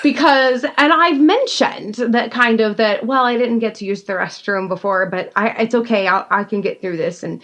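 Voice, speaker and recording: A woman from Georgia in her thirties with a soft Southern accent, co-hosting a podcast and telling a story with lively acted-out quotes and laughter. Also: fairly high pitch, moderate pace, few pauses. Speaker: podcast co-host. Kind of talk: casual chat, storytelling.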